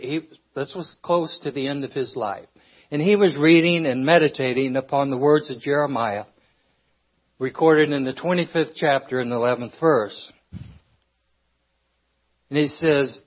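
A man preaching a sermon, earnest, stopping and restarting as he reads scripture, a little out of breath. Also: mid-range voice. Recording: dull lo-fi recording.

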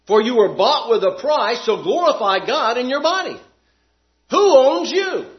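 A man's voice: extremely high pitch, expressive, moderate pace. Emphatic preacher man, lo-fi recording. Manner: emphatic, rhetorical questions, swings loud and soft. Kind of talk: sermon. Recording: dull lo-fi sound.

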